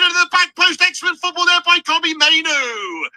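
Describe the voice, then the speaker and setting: Excitable high-voiced football fan. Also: male voice, quick pace, hardly any pauses, no echo, rough recording. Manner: excitable, swearing, shouting at goals. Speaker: football channel host. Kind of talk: live match watch-along commentary.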